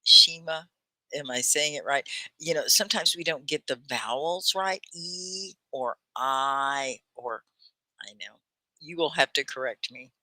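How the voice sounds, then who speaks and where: A woman's voice: rumbling low, expressive, a little slow, sharp tone, dry recording. A middle-aged woman from Texas hosting a live English lesson, reading viewer comments aloud, chatty and upbeat, laughing often and quizzing her students. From Texas, United States. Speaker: ESL teacher hosting a live class.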